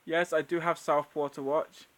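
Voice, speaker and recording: A man's voice: fairly high pitch, level tone, moderate pace, fairly bright tone. A man hosting a live Q&A stream, chatting casually and laughing often as he answers viewers.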